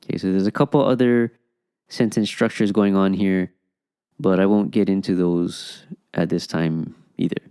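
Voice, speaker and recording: A man explains a language lesson in a patient, step-by-step way and keeps returning to "okay". His voice is low, mellow and smooth. The recording is close and dry. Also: fairly even intonation, moderate pace, no room sound. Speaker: language teacher. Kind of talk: explaining an Okinawan phrase lesson.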